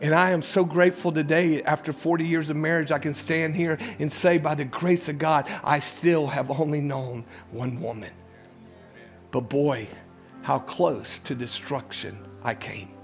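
A man in his sixties, a pastor, preaching a sermon and telling a personal story with big swings between loud urgency and hushed lows. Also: fairly even intonation, unhurried, faint music behind.

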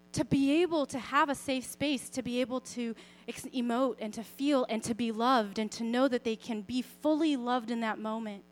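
Young woman, faith speaker, fairly high pitch; conversational and expressive, with frequent soft, gentle passages. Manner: expressive, often softening to a quiet, gentle tone; conversational, with fillers and self-corrections. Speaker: Christian speaker sharing a parenting story. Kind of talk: personal faith talk.

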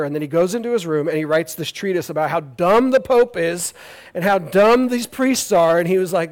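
A male pastor preaching a sermon with animated, jokey storytelling. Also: on the high side, brisk.

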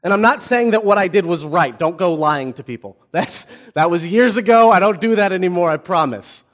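A man's voice: high-pitched, expressive, fairly quick. A man in his twenties, a pastor, giving a sermon with personal stories told with humor. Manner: storytelling, self-deprecating humor.

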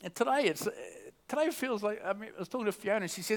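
A man's voice: high voice, lively intonation, fast talker. A man preaching a casual sermon at a church service into a microphone, chatty and joking, often restarting his sentences. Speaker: pastor.

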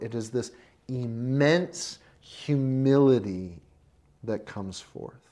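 A preacher delivering a passionate sermon, swinging from hushed, intimate lines to loud, emphatic ones, and addressing listeners as friends. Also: medium pitch.

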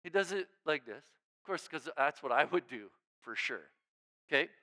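Bright, crisp-voiced male pastor preaching casually. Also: fairly high pitch, lively intonation, normal speed. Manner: informal preaching, frequent "right?" check-ins and repeated restarts; swings between emphatic raised lines and hushed near-murmurs. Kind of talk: conversational sermon.

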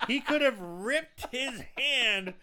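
Excitable, crude podcast co-host man. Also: extremely high pitch, takes it slowly, crowd noise. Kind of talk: casual chat.

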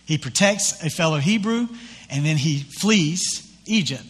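A man preaching a sermon as pastor, retelling scripture in a conversational, animated way with acted-out quotes. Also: on the high side, unhurried, slightly rough, big-room sound.

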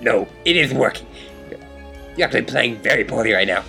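A man's voice: medium pitch, expressive, fairly quick, creaky, bright, forceful tone, faint music behind. A man voicing a stubborn male chess player who grumbles and refuses to admit defeat. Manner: grumbling, dismissive.

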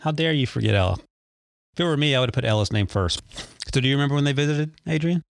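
A man's voice: mid-range voice, lively intonation, fast talker, vocal fry, no echo. A man hosting a casual family podcast with his young sons, teasing them with dry humor.

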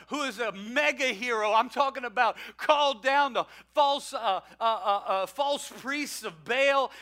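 Male pastor, sermon delivery, high and bright, energetic, jokey, emphatic repeats. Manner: energetic, joking, emphatic repetition.

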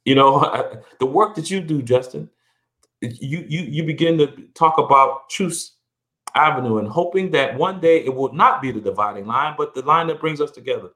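Animated and a bit bright, with a fairly high pitch at normal speed, a middle-aged man speaks earnestly as a podcast guest. It's a reflective conversational interview in which he often restarts and repeats words, his voice rising as he drives a point home.

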